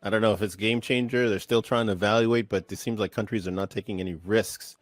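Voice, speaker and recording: A man hosting a business tech podcast, giving energetic, hype-filled introductions and chatting casually with his guest. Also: lowish voice, quick pace, dry recording. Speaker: podcast host. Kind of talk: upbeat show hosting.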